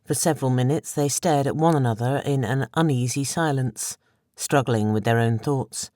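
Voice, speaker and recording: A woman reading an audiobook in a measured, even storytelling voice. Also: extremely low pitch, no room sound, studio quality. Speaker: audiobook narrator. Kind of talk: scripted narration.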